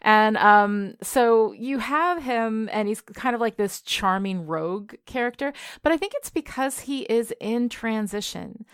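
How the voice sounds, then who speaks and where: Animated woman talking films, dry sound. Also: on the high side, measured pace, few pauses, smooth, no echo. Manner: animated, full of likes and you-knows. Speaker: podcast guest. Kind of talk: casual film discussion.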